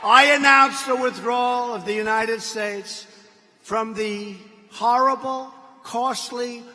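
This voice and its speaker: A man's voice: extremely high pitch, steady tone, slow, pushed and bright. Emphatic man giving a rally speech. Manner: boastful, emphatic, mocking asides. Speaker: political speaker at a rally. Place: large indoor arena. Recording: long reverb of a big arena.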